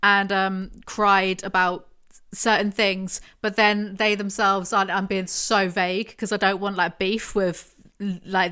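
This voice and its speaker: A young woman hosting a casual podcast, her voice bright and forward. She talks in a rambling, self-deprecating way, circling back on herself as she thinks aloud. Her pitch sits in a middle range for a woman. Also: clean tone. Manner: chatty, rambling, self-deprecating with frequent laughs. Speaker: podcast host.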